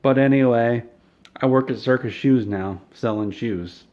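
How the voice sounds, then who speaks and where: A man telling an absurd comic story in a rambling, self-deprecating deadpan, on a dull lo-fi home recording. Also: mid-range voice, a little slow. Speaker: comedic storyteller.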